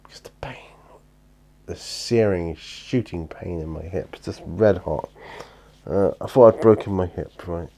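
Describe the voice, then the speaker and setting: British male hobby vlogger, low and mellow, tired, rambling chat. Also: a little slow. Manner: rambling, chatty, with many fillers and restarts. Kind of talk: casual chat. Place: hobby room at home.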